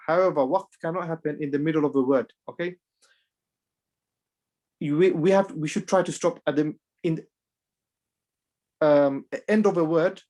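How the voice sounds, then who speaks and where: A man teaching Quran recitation rules in a class, halting and full of restarts, driving each rule home by repeating it. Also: fairly high pitch, a little mellow. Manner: drills rules through repetition. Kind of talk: online class lesson.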